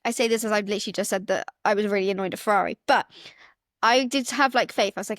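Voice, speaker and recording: A woman co-hosting a motorsport podcast in casual chat, talking fast and acting out her own reactions. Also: mid-range voice, fairly bright tone, no room sound, studio quality. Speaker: podcast co-host.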